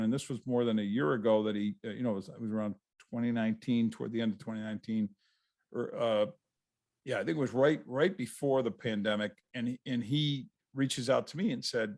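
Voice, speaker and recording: A man's voice: medium pitch, normal speed. A man, a guest author, telling stories in a casual interview over a video call, rambling and restarting his sentences.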